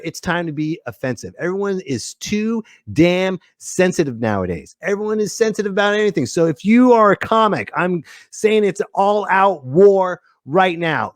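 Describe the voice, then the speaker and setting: Podcast host guy ranting, high voice all over the place, keeps saying okay, dry close mic. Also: no room sound. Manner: excitable, rants and repeats "okay?". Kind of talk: comedic podcast rant.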